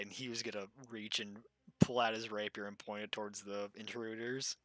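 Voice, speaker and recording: Low-voiced man playing a tabletop game. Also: moderate pace. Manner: excitable, laughs often. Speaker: player. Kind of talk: casual game chat.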